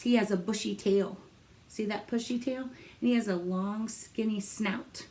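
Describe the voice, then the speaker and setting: Reading a picture book to young children, a woman teacher speaks at a medium pitch and an unhurried pace, animated and encouraging while she poses questions to them.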